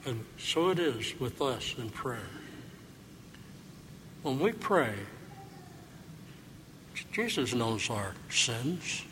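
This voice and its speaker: A priest preaches to his congregation at an unhurried pace, a man with a middle-range voice. His words ring out in a long church reverb over faint room ambience. He leans on rhetorical questions, reflective and earnest. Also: mid-range voice, very animated, a bit bright, slight background noise. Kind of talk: sermon.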